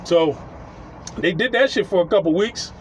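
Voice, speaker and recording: A man's voice: high voice, expressive, normal speed, slight background noise, rough recording. A man telling a story casually outdoors, rambling, swearing and chuckling as he goes.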